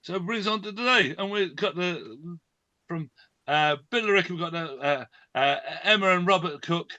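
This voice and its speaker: Man hosting an online talk: bright, stop-start, dry close sound. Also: high-pitched, normal speed, no echo, highs cut off. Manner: hesitant, many fillers and restarts. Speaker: host. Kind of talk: online event presentation.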